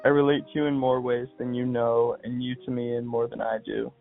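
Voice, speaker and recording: A young man, a podcast guest, speaking in a soft, halting, heartfelt way as he reads aloud and chats. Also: medium pitch, flat delivery, creaky. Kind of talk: reading aloud and casual phone chat. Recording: tinny phone line with faint music.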